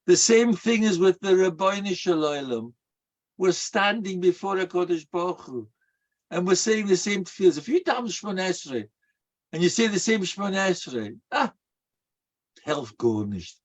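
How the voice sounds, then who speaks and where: An older man, a rabbi giving a storytelling sermon in an animated way. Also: high voice, moderate pace. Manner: animated, acts out quoted voices.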